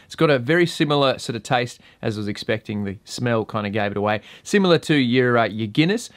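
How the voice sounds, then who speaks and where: A man's voice: medium pitch, dry recording. An Australian man casually reviewing gear and beer on his own channel, laid-back and swearing freely.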